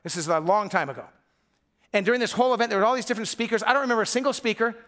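High-voiced pastor preaching conversationally. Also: male voice, racing, fairly bright tone. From Michigan. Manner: conversational storytelling, acting out quoted voices. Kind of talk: sermon.

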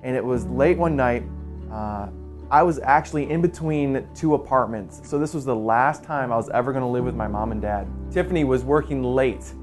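A man in his forties, a pastor, telling an earnest personal story in a quiet, soft-spoken way. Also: mid-range voice, normal speed. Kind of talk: personal testimony in a church video. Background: soft guitar music.

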